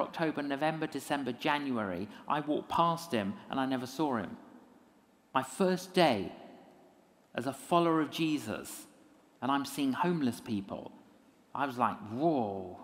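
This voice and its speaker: An evangelist speaker, his voice a little high and at moderate pace, tells a story in a lecture, animatedly acting out dialogue with humour. The recording carries long hall reverb.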